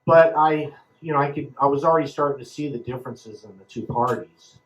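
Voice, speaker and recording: A man in his fifties from Southern California giving a halting personal account as a panel speaker, full of ums and restarts. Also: medium pitch, slight background noise, rough recording. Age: 50s.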